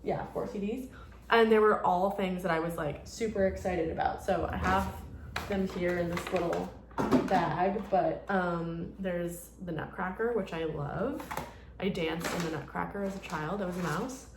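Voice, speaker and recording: A woman's voice: lowish voice, moderate pace, echoey room, background noise. A woman around thirty chatting casually in a rambling vlog, full of "like" fillers. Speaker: vlogger. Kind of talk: casual chat.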